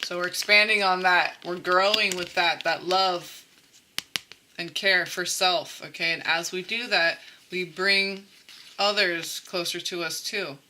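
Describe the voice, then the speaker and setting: A woman's voice: on the low side, steady tone, a little slow, sharp tone, a little hiss or hum. A woman giving a casual, chatty spiritual tarot reading straight to her viewers, laughing often and swearing freely. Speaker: tarot reader.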